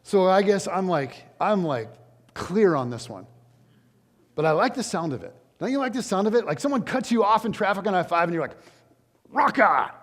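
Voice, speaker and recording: A high-pitched man preaching from the stage of a large church, his voice lively and swooping as he slips into casual, joking asides. The long reverb of the sanctuary trails after each phrase. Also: a little fast. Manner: animated, conversational, jokey asides. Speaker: pastor. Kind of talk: sermon.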